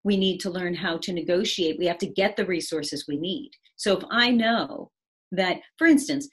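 Woman, husky, lower voice, conversational talk, reflective, video call audio. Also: normal speed. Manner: reflective, frequently checking in with "right?". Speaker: speaker on resilience and change.

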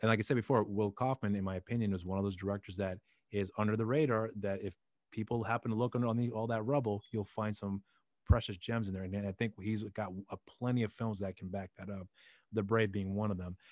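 Fast-talking deep-voiced man hosting. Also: dry recording, studio quality. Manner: fast, repeats words and restarts, earnest. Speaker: host. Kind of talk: casual interview.

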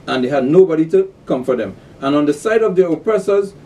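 A man teaching a scripture class in a fairly high, mellow voice. He reads verses slowly, then drives the point home by repeating words and throwing out rhetorical questions. The sound is a bit distant, as if he sits back from the mic. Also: expressive.

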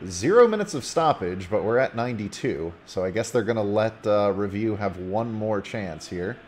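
A man casually commentating a video game football match play by play, getting loud when a goal goes in. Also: on the low side, moderate pace, slight background noise. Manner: casual, rising excitedly on goals.

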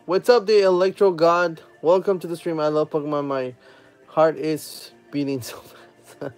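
A man hosting a live stream, opening trading card packs with excited casual commentary, humming while he opens them and chatting with viewers. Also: on the high side, measured pace, faint music behind. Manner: chats with viewers and reads their comments aloud.

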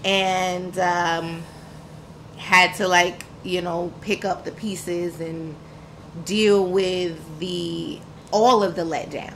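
A woman's voice: fairly low pitch, fairly even intonation, very slow, fairly bright tone, a little hiss or hum, poor audio. A woman, telling her own story as a podcast guest in a frank, emphatic, slangy way. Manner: frank and emphatic, slangy, vivid retelling with quoted dialogue. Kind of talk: candid personal storytelling.

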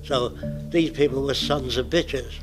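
A man's voice: mid-range voice, measured pace, music in the background, rough recording. A man in his nineties giving a public lecture in a blunt, provocative way. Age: 90s.

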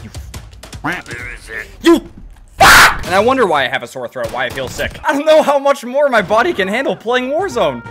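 A man's voice: high-pitched, big pitch swings, fast, hardly any pauses, over music. A young man giving live commentary over his own gameplay, swearing a lot and mocking himself. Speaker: gaming YouTuber. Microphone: desk condenser microphone.

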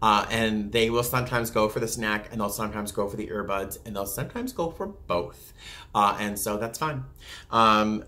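A man who works as a flight attendant, chatting casually and acting out passengers with sudden jumps in pitch. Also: pushed and bright. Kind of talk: casual talk to camera.

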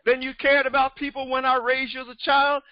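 A man in his seventies, a pastor preaching a sermon with emphatic repetition that rises to shouts. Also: very high voice, level tone, a little fast, a little hiss or hum. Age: 70s. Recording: dull, dry recording.

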